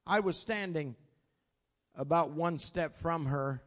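High-voiced older man preaching folksy. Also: slow. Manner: folksy storytelling with plain southern-style grammar; swings from loud exclamations to low asides. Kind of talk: sermon.

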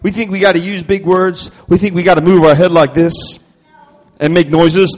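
A man giving a playful, call-and-response children's sermon at a church youth night, teasing and animated. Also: high voice, normal speed. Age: adult. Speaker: children's minister. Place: church youth event hall. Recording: echoey hall reverb.

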